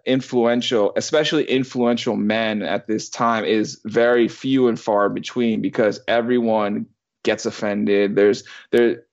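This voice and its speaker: Rambling man in his thirties, lo-fi. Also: on the low side. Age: 30s. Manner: rambling, with many restarts and swearing. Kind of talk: casual storytelling.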